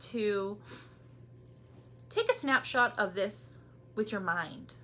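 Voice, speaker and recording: A woman's voice: mid-range voice, very animated, takes it slowly, pauses often, slight background noise. A woman giving a weekly spiritual energy reading, speaking with feeling and often dropping into a near whisper. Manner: emotional, breathy asides, laughs and near tears; soft, drops to near-whispers. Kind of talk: spiritual card reading monologue.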